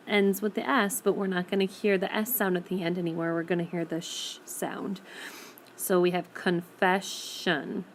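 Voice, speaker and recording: Woman teacher slowly sounding out words. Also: fairly low pitch, slight background noise. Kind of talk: recorded phonics lesson. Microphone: tablet screencast microphone.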